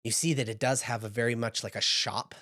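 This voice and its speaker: A male game master narrating a tabletop game in an unhurried, descriptive way, dropping in casual asides as he sets each scene. His voice sits in a middle register and is recorded dry and close, with no room sound. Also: mid-range voice, steady tone, sharp tone, no echo.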